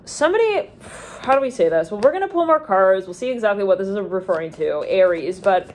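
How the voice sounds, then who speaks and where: A woman's voice: mid-range voice, animated, brisk. A woman giving an intuitive tarot reading in a rambling, stream-of-consciousness way, with lots of "like" and restarted thoughts. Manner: trails off and restarts mid-thought. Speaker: tarot reader.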